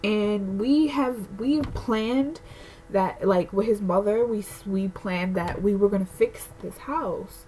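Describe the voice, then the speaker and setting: A woman's voice: medium pitch, slow pace, warm tone, slight background noise, rough recording. A pregnant young woman vlogging a candid, emotional rant to camera, rambling with lots of fillers. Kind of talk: casual personal rant to camera.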